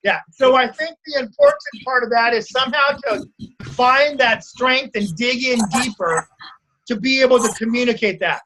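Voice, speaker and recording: Bright-voiced man coaching over a video call. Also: very high voice, animated, normal speed, low-quality recording. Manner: storytelling, asks the group for agreement. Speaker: salon coach leading a stylist call. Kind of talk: casual group coaching talk.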